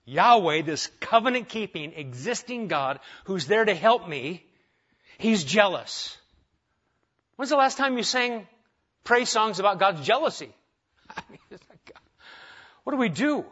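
Man preaching with lively questions, lo-fi. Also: high-pitched, a little slow, pauses often, husky. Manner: conversational preaching with rhetorical questions and asides. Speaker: pastor. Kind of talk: sermon.

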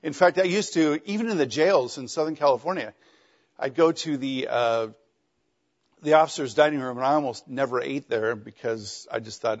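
In a dull, lo-fi classroom recording, a middle-aged man lectures conversationally, mixing in wry jokes and questions for his students. His voice is medium-pitched and his pace moderate.

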